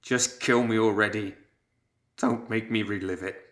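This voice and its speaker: A man's voice: on the low side, fairly even intonation, a little slow, fairly bright tone. A man voicing a broken, vengeful widow who shrieks and weeps in an audiobook. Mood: whispered despair. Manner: shrieking then weeping.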